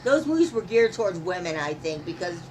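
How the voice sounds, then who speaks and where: A woman's voice: lowish voice, sing-song, brisk, a loud crowd, low-quality recording. A woman co-hosting a casual live-stream chat, laughing easily and teasing.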